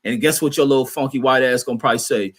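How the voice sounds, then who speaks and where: A man's voice: mid-range voice, rapid-fire, fairly bright tone, slightly rough. A man hosting a livestream, ranting in a profane, combative and mocking way while he reads out and answers chat comments. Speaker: livestream host reading chat. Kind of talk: heated livestream rant.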